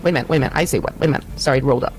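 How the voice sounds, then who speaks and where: A woman's voice: rumbling low, rapid-fire, darkish tone, soft background music, rough recording. Rambling woman reading out chat messages. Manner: meandering, self-correcting. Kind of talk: reading her own chat messages aloud.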